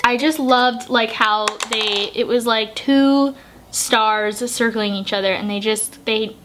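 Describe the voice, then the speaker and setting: A woman's voice: mid-range voice, steady tone, slow, fairly bright tone, soft background music. A young woman talking casually as a book vlogger. She gushes emotionally and swears freely while doing her makeup. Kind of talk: casual book review chat.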